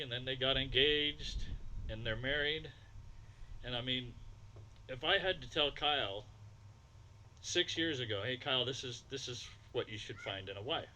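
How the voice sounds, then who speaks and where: A middle-aged father of the groom tells folksy stories about his son in an emotional wedding toast. His voice is very bright and forceful, with quoted dialogue woven through. A faint hum of the reception is audible behind him. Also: medium pitch, poor audio.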